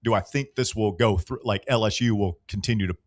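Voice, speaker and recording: A man's voice: lowish voice, a little fast, no echo, studio quality. Sarcastic sports radio host, man. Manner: sarcastic, needling banter. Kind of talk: casual sports talk radio.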